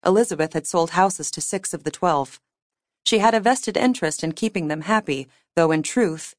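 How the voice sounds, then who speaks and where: Low-pitched woman, audiobook narration, wry and measured, dry studio mic. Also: no room sound. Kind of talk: scripted narration.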